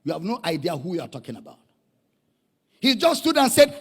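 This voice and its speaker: A man's voice: high-pitched, fairly quick, slightly rough. A man with a Nigerian accent preaching a dramatic sermon, calling out to his congregation. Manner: dramatic, animated, calls out to the congregation. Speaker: pastor. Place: church. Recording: echoey hall.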